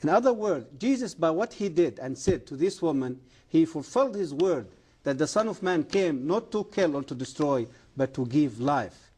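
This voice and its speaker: A middle-aged Egyptian man appears as a guest on a TV interview, giving testimony and preaching. His voice sits fairly high for a man but sounds dark, mellow, animated and slightly rough. Speaking earnest, halting English with non-native grammar, he stresses key words with emphatic conviction.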